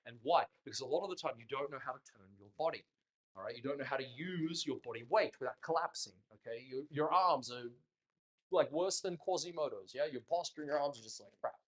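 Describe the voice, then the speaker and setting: A man teaching a dance class in a studio, talking casually and in an animated way, joking bluntly and swearing now and then. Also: mid-range voice, a little fast. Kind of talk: casual instructional talk.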